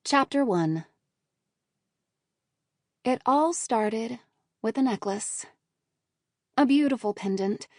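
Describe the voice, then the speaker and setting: A woman reading a first-person romantic comedy audiobook in a measured, lively way, on a close studio microphone. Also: mid-range voice, creaky, no echo. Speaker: audiobook narrator.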